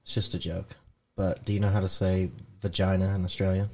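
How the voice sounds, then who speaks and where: A man's voice: low voice, flat delivery, a little fast, a little mellow. A man hosting a casual podcast, joking around and swearing freely. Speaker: podcast host. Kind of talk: casual chat.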